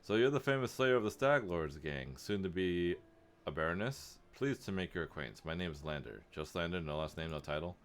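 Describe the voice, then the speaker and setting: Male streamer reading a polite, ambitious young noble heir; plain low voice, persuasive. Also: animated, brisk. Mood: courteous. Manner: courteous, persuasive.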